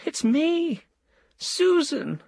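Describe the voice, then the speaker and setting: A gushing, excitable wife with a high, breathy voice, as a man puts her on. She swoops up and down in pitch, read for a storybook. The sound is dry and close. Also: extremely slow, dry recording, full character voice. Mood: tearful.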